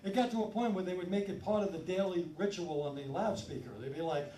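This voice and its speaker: A man from Brooklyn doing a stand-up set, telling stories in a punchy, animated way. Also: high-pitched, fast, few pauses, slight background noise. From Brooklyn, New York. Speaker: stand-up comedian. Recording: roomy live sound from a distance. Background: audience laughter.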